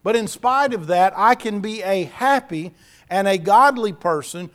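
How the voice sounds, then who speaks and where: High-voiced man preaching a sermon. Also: measured pace, a bit bright. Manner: earnest, repeats key phrases for emphasis.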